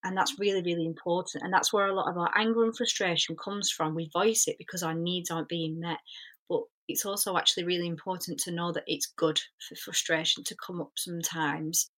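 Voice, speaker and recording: Woman, lowish pitch, earnest, reflective, spiritual coach guest. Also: fairly even intonation, brisk, fairly bright tone. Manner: earnest, reflective, many fillers. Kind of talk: podcast interview.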